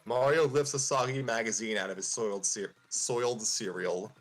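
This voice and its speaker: A man's voice: fairly low pitch, steady tone, normal speed. A man hosting a show, casually reading a fan-fiction story aloud and chuckling at the text now and then. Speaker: host and narrator.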